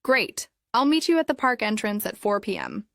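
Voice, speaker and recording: A woman's voice: mid-range voice, lively intonation, normal speed, vocal fry, dry recording, clean studio sound. A woman voicing a polite young woman making small talk with sellers and friends. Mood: pleasant. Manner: polite, pleasant.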